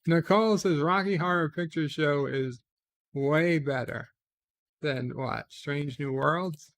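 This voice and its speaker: Male stream host, a bit high-voiced, unhurried, reads viewer chat and reacts with relaxed asides, lots of "uh". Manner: reads chat comments aloud and replies offhand, frequent "uh" hesitations. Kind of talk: casual late-night live stream chat.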